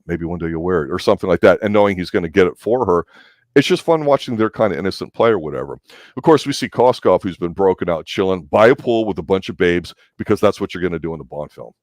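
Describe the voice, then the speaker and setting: Male host, low voice, loose and excitable, casual chat, dry close mic. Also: dry recording. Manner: rambling, excitable, swears casually, lots of fillers. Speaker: movie review podcast host. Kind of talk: casual movie review chat.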